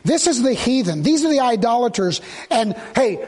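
A man preaching a sermon, reading scripture slowly and building to impassioned, emphatic appeals. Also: very high voice, sing-song, a little mellow, breathy edge.

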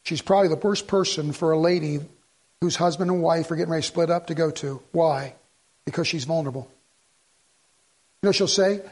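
Preaching in a church sanctuary, this middle-aged pastor talks briskly but leaves long pauses, his darkish voice sitting fairly high for a man. He unfolds the story as he speaks, taking on the characters' voices, and frequently restarts or repeats himself.

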